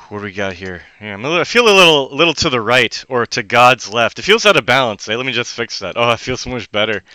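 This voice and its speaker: A man rambling on a solo live stream at home, jumping between loud outbursts and low muttering. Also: expressive, brisk, smooth, no room sound.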